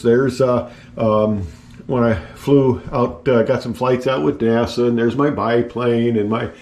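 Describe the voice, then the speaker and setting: A man's voice: mid-range voice, a little mellow. Older man, retired pilot, casual home tour, rambling, chatty, self-deprecating. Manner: rambling, self-deprecating storyteller with many fillers. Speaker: retired pilot and engineer, channel host. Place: at home, in his house and attic office.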